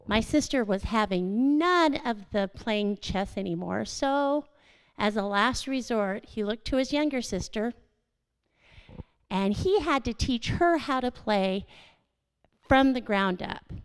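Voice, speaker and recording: A woman's voice: fairly high pitch, lively intonation, slow, smooth, low-quality recording. A woman giving an earnest, conversational lesson in a church service. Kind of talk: storytelling sermon lesson.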